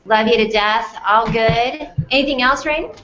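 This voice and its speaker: A woman's voice: on the high side, measured pace, a bit bright. A woman hosting a live conference chat from a theater stage, bubbly and effusive in casual interview talk. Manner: bubbly, effusive, laughs often. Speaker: host. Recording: echoey room, dull lo-fi sound.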